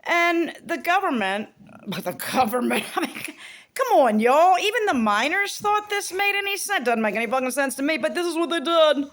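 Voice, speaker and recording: A woman's voice: sits high, lively intonation, moderate pace, fairly bright tone. A woman vlogger talking to camera in a rambling, profane, exasperated rant.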